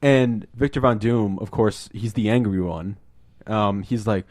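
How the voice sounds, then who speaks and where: A man hosting a casual podcast, talking about a film, rambling and swearing and acting out scenes in quick put-on voices. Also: on the low side, darkish tone, dry recording, studio quality. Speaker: podcast host.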